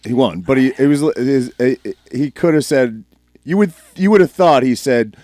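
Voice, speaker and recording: A man's voice: mid-range voice, lively intonation, normal speed, a little mellow, no echo. An easygoing male podcast host with a mid-range voice, recorded dry and close. He chats casually and keeps asking his guests what they think. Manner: easygoing, asks questions.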